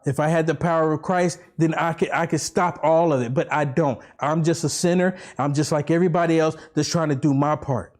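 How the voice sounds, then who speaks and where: A high-pitched man rants to camera as a political vlogger, circling back over the same points and pelting the listener with rhetorical questions. His voice climbs into fervent near-shouting, then drops low and slow into preaching. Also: fairly even intonation. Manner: repetitive, rambling, with urgent rhetorical questions. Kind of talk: impassioned political rant to camera.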